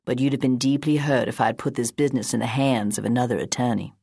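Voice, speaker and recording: A woman voicing a wealthy, sharp-minded woman in her eighties who speaks firmly and crisply. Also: a bass voice, steady tone, fast talker, no echo, clean studio sound, voice pushed down, full character voice. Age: 80s. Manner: firm, crisp, unbending.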